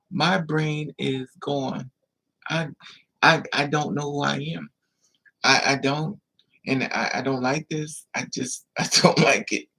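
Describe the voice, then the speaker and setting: A man talks straight to his viewers in a rambling confessional monologue. His voice sits a bit high and has a gravelly, husky edge. He stops and restarts often and circles back over the same phrases. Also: pushed and bright. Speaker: vlogger.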